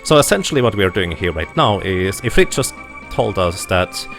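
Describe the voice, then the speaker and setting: A man giving steady, explanatory live commentary on his own speedrun. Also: deep voice, normal speed, vocal fry, over music. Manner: steady explanatory, light laughs.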